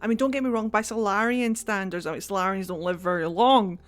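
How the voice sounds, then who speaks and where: A woman streaming a game, gushing and excitable, often repeating her words. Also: mid-range voice, quick pace. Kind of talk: casual gameplay commentary.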